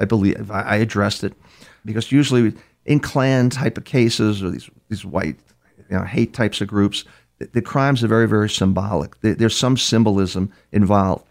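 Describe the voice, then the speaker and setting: An older man, a criminal profiler being interviewed, telling stories in a halting way, repeating words and acting out quoted dialogue. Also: on the low side, creaky. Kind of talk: storytelling interview answers.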